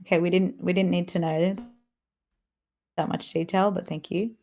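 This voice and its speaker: A woman's voice: lowish voice, flat delivery, moderate pace, gravelly, mellow. Chatty woman streamer who laughs a lot. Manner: chatty, laughs often, greets chat viewers. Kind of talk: casual live-stream chat while gaming.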